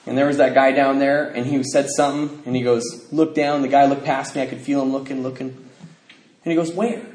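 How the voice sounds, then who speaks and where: Man, mid-pitch, testimony-style storyteller; rambling, acts out other voices; echoey room. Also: level tone, fairly quick, a little mellow. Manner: rambling, many restarts, acts out other people's lines. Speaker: speaker sharing a recovery story. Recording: roomy echo, faint noise.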